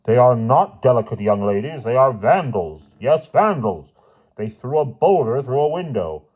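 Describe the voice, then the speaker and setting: A man's voice: mid-range voice, very animated, normal speed, narrow, tinny audio, voice pushed up. A man voicing a pompous, blustering middle-aged headmaster who sounds indignant.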